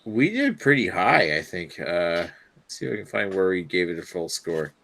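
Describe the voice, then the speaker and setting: A man's voice: deep voice, very animated, moderate pace, vocal fry, fairly bright tone. A man reviewing beers in a casual drinking chat, rambling and hesitant, full of fillers and the odd swear word. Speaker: beer reviewer co-host.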